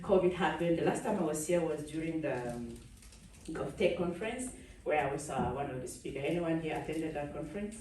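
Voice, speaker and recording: A woman from Cameroon giving a lively conference keynote, laughing often and chatting with the audience on stage. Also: sits low, a little fast, a little hiss or hum. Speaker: keynote speaker. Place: large conference hall. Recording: echoey hall, speaker far from the mic.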